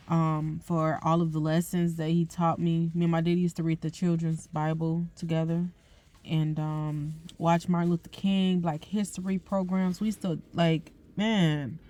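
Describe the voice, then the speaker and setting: A young woman hosting a podcast, speaking tearfully and haltingly in an emotional personal reflection. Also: fairly low pitch. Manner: tearful, soft-spoken, halting with fillers. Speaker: podcast host.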